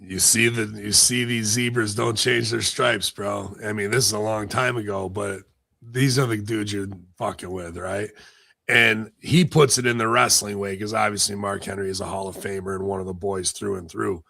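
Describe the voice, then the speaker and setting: A man's voice: on the low side, steady tone, moderate pace, vocal fry, sharp tone, no echo. A man co-hosting a podcast, talking in blunt, profane, rambling casual commentary. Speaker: podcast co-host.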